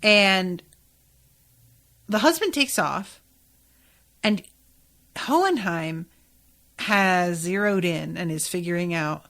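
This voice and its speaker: A woman talks through an episode in a loose, conversational recap. Her delivery wanders, full of filler words and quick asides, like a friend thinking out loud. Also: lowish voice, expressive. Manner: chatty, rambling, many filler likes. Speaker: podcast host.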